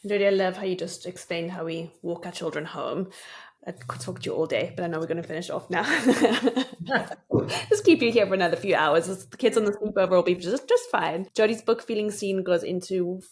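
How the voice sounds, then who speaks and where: A woman's voice: on the low side, a little fast. A woman host closing an interview with enthusiastic praise for her guest's book. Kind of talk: friendly interview wrap-up.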